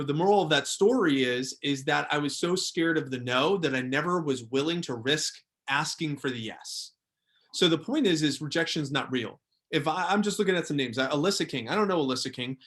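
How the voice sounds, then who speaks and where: A young man runs a motivational training workshop for salespeople. His voice sits a little higher than most men's, and he drives each point home by repeating it. The delivery is energetic and coaching in tone. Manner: emphatic, repeats key phrases.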